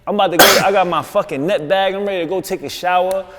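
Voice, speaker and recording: A man with a New York accent, a guest on a podcast, telling a story in an insistent, animated way with street slang. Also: sits high, fast talker, in a large hall. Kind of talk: casual podcast interview.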